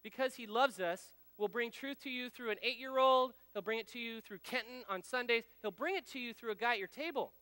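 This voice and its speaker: A speaker in his thirties or forties at a men's ministry gathering delivers a homespun, chatty sermon of personal stories directly to his listeners. His extremely high voice is pushed, bright and smooth, a little fast with few pauses; there's no room sound, though he's in a large hall.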